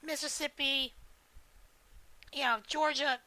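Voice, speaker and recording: A woman's voice: high-pitched, fairly even intonation, takes it slowly, sharp tone, dry recording, low-quality recording. A woman streaming a video game, chatting casually in a rambling, joking way with plenty of swearing. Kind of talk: casual live-stream chat while gaming.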